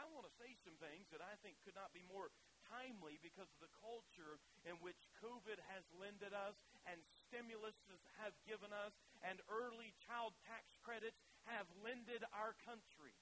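A pastor preaching a sermon, emphatic and folksy, swinging from loud declarations to quiet conversational asides. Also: male voice, high-pitched, slight background noise, rough recording. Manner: folksy and conversational, tells humorous anecdotes.

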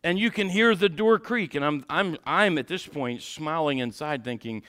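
A man preaching a sermon in a church and telling a personal story in an animated way, laughing along with the congregation. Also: fairly high pitch, normal speed, smooth. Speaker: pastor. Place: church sanctuary.

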